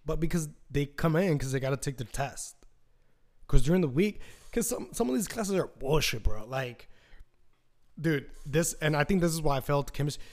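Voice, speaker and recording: A young man hosts his own podcast in a loose, rambling way, swearing freely. His voice sits a bit higher than most men's. When he quotes people, he jumps up louder and higher. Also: animated, normal speed. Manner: profane, rambling, acts out quotes in raised voices. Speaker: podcast host. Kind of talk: casual solo podcast storytelling.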